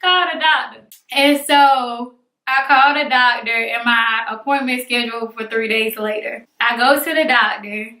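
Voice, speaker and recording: A young woman, telling a personal story on her vlog in an animated, dramatic way, acting out the people in it. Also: a little high, measured pace. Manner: animated, dramatic retelling with acted-out voices. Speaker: vlogger. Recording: echoey room.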